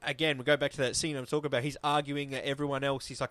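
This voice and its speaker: A man's voice: mid-range voice, level tone, rapid-fire, a bit bright, no room sound. A man, co-hosting a casual podcast chat, talking at length in a rambling, loose way and swearing casually. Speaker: podcast co-host.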